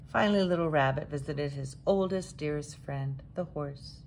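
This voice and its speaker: A woman reading a children's picture book aloud in a gentle, expressive storytelling way. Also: deep voice, normal speed, gravelly, hardly any pauses, noisy background.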